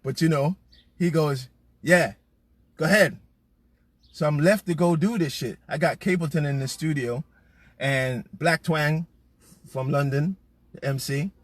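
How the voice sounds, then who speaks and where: A man hosting from his car, telling a long rambling story in a casual, swearing, animated way. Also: a little high, unhurried, long pauses, no room sound. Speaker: host.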